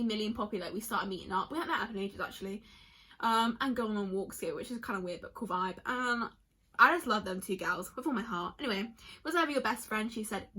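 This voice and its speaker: Young woman, breathy voice, bright tone, rambling casual vlog chat, faint music underneath. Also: a little high. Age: young adult. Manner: chatty, rambling, quick to tear up. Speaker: vlogger. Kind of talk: casual vlog chat reading answers aloud.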